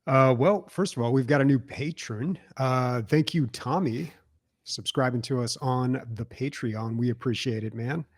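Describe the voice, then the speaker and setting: A man co-hosting a gaming podcast, giving shout-outs and news in a relaxed way, with many pauses and "uh"s. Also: medium pitch, no room sound, studio quality. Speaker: podcast co-host. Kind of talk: casual podcast announcements.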